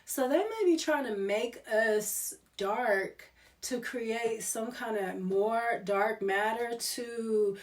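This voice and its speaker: Woman tarot reader, unhurried delivery, rambling and digressive, heard from a distance. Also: on the high side. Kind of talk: casual spoken tarot reading. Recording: voice distant from the mic.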